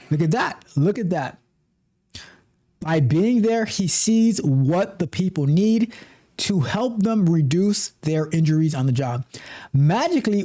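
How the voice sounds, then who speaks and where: A man with a mellow, warm voice hosts a livestream, reading an article aloud. He stumbles and restarts often and keeps breaking off into animated, chatty asides. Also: sits high. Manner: animated asides, frequent restarts and repeated words. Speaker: livestream host.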